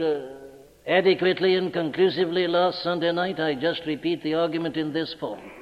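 A man preaching a sermon in a church, speaking emphatically and building to forceful declarations. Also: a little high. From Wales. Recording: dull archival recording in a large reverberant church.

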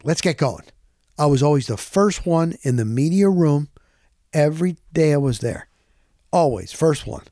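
Middle-aged male host, chatty and self-correcting, mid pitch, dry booth sound. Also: no echo. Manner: rambling, animated, self-correcting. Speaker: podcast host. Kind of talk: casual storytelling monologue.

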